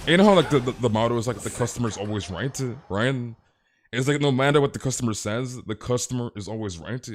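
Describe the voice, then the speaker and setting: A man chatting casually on a live game stream, ranting animatedly and peppering his talk with "freaking" and "dude". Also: medium pitch.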